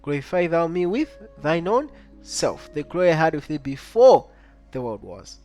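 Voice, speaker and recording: A man teaching a Bible study lesson, reading verses aloud and keeping up a steady stream of rhetorical questions to his listeners. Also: a little high, moderate pace, faint music behind. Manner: keeps asking the listener rhetorical questions like "right?" and "what?"; reads scripture aloud in old-style wording.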